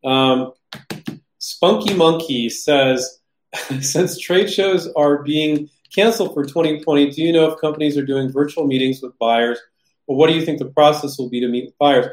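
Animated man in an echoey room. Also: on the high side, slight background noise. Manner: animated, acts out people in quick voices. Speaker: host answering viewer questions. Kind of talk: casual live Q&A. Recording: roomy echo.

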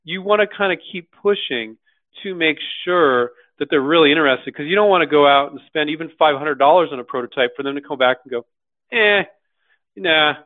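A man hosting a live question-and-answer session, speaking bluntly and casually and acting out quoted voices with lively jumps in pitch. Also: a little fast, no echo. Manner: animated, acts out quoted voices, blunt and slangy. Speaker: host answering viewer questions. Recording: dry tinny phone-like sound.

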